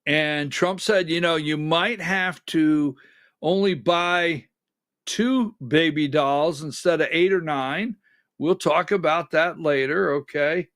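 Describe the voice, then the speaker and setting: Brief: male talk-show host, high voice, unhurried, sarcastic and emphatic, dry close sound. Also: fairly bright tone, dry recording. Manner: sarcastic, emphatic, directs a producer. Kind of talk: conservative political commentary.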